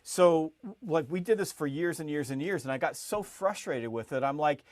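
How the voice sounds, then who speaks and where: Man, middle-aged, podcast guest, animated storytelling, higher pitched, dry close sound, rising excitement, quick restarts. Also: no echo. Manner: lively, rising pitch and volume as the story builds, frequent restarts. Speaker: sales expert guest.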